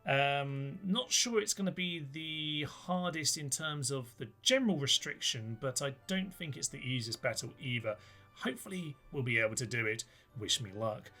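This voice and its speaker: A man's voice: medium pitch, lively intonation, normal speed, bright, forceful tone, soft background music. A young man hosting a channel, giving chatty, wry gameplay commentary and thinking aloud on a close mic. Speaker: YouTube host.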